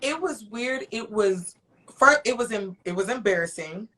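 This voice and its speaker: A woman co-hosting a podcast, animated and opinionated in casual chat. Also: mid-range voice, moderate pace. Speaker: podcast co-host.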